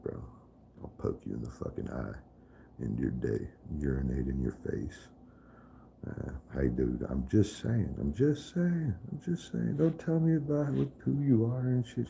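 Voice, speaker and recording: A man's voice: very deep voice, vocal fry, mellow, a little hiss or hum. A man in a casual live stream chat, profane and trash-talking, laughing often.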